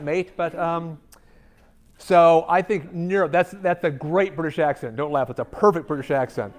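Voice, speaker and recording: A man speaking as a guest at a company talk, answering audience questions in a candid, conversational way with frequent ums. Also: fairly high pitch. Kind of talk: conference Q&A talk. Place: company event room.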